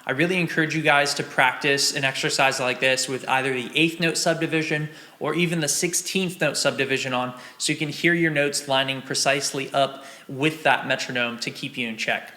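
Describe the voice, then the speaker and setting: A man's voice: mid-range voice, pushed and bright. A young man teaching a snare drum exercise, encouraging and counting and vocalizing the rhythms aloud. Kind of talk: drum lesson walkthrough. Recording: roomy, with drums and metronome playing.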